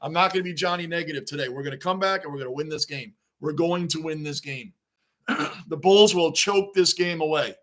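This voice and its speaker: A man hosting a live sports reaction stream, excitable and rambling as he answers viewers' chat. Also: a little high, a little fast. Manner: excitable, talks back to chat comments, rambling.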